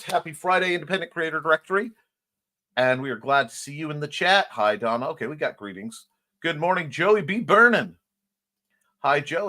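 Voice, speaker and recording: Male stream host, chatty, animated, reads chat aloud. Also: fairly high pitch. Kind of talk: casual livestream chat, reading out comments.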